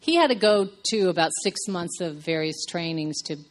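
A woman from Pennsylvania sharing her side of a marriage testimony, soft-spoken and hesitant. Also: fairly low pitch, expressive, moderate pace. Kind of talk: testimony to a church audience.

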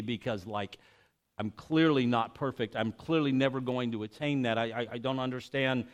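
A man preaching a sermon, reading scripture, then explaining it in a conversational, animated way with restarts and asides. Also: medium pitch, normal speed. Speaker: pastor.

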